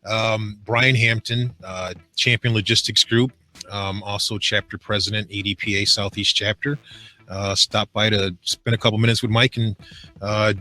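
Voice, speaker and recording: Low, flat-voiced hesitant male guest. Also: moderate pace, poor audio. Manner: hesitant, filler-heavy. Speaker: interview guest, chapter president. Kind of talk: casual on-air chat.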